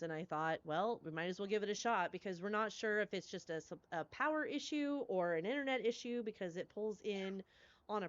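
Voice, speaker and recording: A woman's voice: mid-range voice, smooth, no room sound. Chatty woman game streamer, effusive with her viewers, on a somewhat muffled recording. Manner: effusive, gushing thanks to chat; rambling, chatty. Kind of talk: live stream chat.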